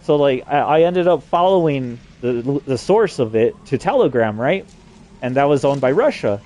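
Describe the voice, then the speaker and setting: A man's voice: mid-range voice, lively intonation, moderate pace, dark tone. A man from New Mexico delivering an agitated, profanity-laden rambling monologue. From New Mexico, USA.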